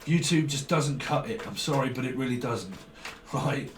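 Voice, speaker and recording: A man's voice: medium pitch, animated, normal speed. A man giving a casual tarot reading, rambling in a stream of consciousness and chuckling often. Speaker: tarot reader. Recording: roomy, distant mic, faint background noise.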